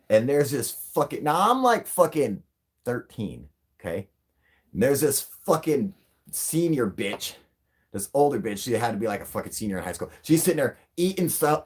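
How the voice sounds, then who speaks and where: A man's voice: fairly low pitch, breathy edge. A man hosting a live stream, telling a rambling, profane story with frequent laughter. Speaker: livestream host.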